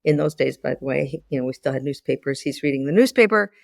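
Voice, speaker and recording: Woman in her sixties, gravelly low voice, dry close mic, podcast guest teaching with stories. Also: quick pace, dry recording. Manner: animated storyteller who acts out dialogue with repeated restarts. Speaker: guest, former business school lecturer. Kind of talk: podcast interview, teaching through anecdote.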